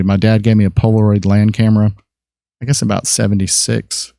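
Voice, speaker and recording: A man's voice: on the low side, quick pace, vocal fry, dark tone, dry recording, clean studio sound. A man in his fifties, a podcast guest and photographer, telling rambling stories about his life in a casual chat, with many fillers and restarts.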